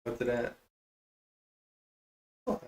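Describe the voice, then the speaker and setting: A man's voice: darkish tone, echoey room. A young man streaming a game, chatting casually with teammates, joking and laughing often. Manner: jokey, laughs often, quick reactions. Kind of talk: casual gameplay chat.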